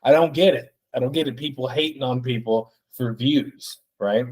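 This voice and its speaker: A man in his thirties hosting a solo podcast, rambling and excitable with plenty of swearing. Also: medium pitch, moderate pace. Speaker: podcast host.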